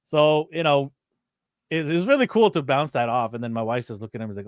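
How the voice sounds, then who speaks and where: A man co-hosting a casual chat show, telling lively stories and acting out what people said, laughing often. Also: a little high, fairly quick, no room sound, clean studio sound. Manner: animated storyteller, acts out quotes, laughs often. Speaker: co-host of a toy and anime show.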